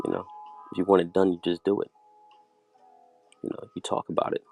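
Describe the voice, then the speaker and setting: A man's voice: sits low, completely flat delivery, brisk, creaky, long pauses, darkish tone, soft background music. A man giving a loose, bragging monologue as a streamer, rambling and saying "you know" at nearly every turn. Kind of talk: boastful freewheeling monologue.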